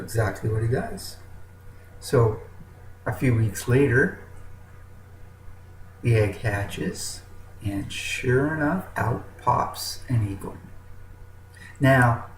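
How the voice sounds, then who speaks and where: A man telling a fable slowly and dramatically, swinging between soft and strong emphasis. His pitch sits in a middle range. The voice rings in a roomy space with faint noise in the background. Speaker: motivational storyteller. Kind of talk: told fable with a moral.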